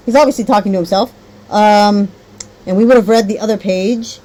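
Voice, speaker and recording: A woman trains teachers in a reading method, mixing talk with read-aloud demonstrations. She rambles a bit, corrects herself, and checks in frequently. Her medium-pitched voice is dark in tone and slightly fast, and the recording is rough.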